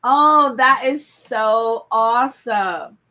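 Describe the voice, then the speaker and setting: Excitable woman tarot reader, higher voice. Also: measured pace, a little hiss or hum. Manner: chatty and excitable, casual slang. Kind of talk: live-stream tarot card reading.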